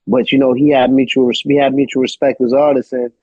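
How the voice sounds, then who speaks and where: A man's voice: medium pitch, little pitch movement, fast, a little mellow, no room sound, dull audio. A man from Brooklyn, a guest rapper talking casually in an interview, laid-back and profane, leaning on "you know what I mean". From Brooklyn, New York.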